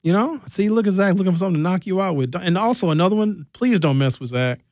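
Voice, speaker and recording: A man hosting a radio talk show, telling lively stories with impressions. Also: high-pitched, fast talker, no echo, studio quality. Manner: animated storyteller, slips into impressions. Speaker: radio host. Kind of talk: lively casual radio banter.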